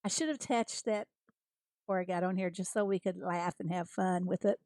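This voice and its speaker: A woman's voice: lowish voice, steady tone, a little fast, darkish tone, dry recording. An American woman chatting casually with viewers as she streams a farming game, greeting them by name and laughing often. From United States. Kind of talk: casual livestream chat.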